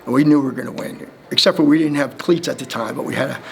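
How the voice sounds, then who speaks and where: A man in his fifties, originally from New Jersey, answers press questions as a Hall of Fame inductee. His voice has a gravelly, fried texture at a middling pitch. He rambles through long anecdotes, slipping into the voices of the people he quotes. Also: fast, slight background noise. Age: 50s. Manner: rambling storyteller who acts out quoted voices and laughs between lines. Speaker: Hall of Fame inductee, former running back.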